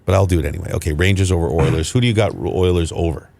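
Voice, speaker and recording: A man hosting a casual sports podcast, steering the chat with lively, jokey remarks. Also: sits low, racing, gravelly, no echo. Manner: lively, steering the talk with jokey wrap-ups. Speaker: podcast host.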